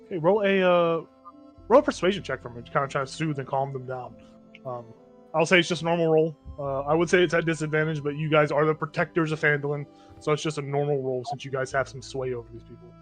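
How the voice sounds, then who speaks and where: Casual game master, light voice. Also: male voice, on the high side, quick pace, soft background music. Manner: casual, rambling, with many fillers. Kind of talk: narrating a tabletop game.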